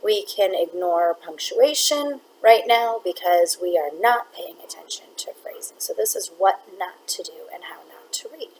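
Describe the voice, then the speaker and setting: Clear, deliberate woman teaching reading. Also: fairly low pitch, a little mellow, a little hiss or hum, low-quality recording. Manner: clear, deliberate teacher talk, reads words one at a time to demonstrate. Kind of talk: classroom reading lesson.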